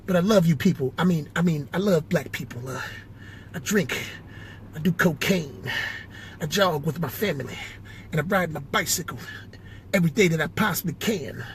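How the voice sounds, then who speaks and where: A man impersonating a folksy former president, speaking softly and haltingly. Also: a little high, a little hiss or hum, close to an everyday voice.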